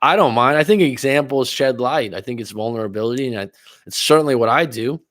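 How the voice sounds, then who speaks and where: A man's voice: medium pitch, fast talker, fairly bright tone, dry recording. Laid-back male relationship coach, dry sound. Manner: casual, laughs often, tells personal stories. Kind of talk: livestream chat reading comments.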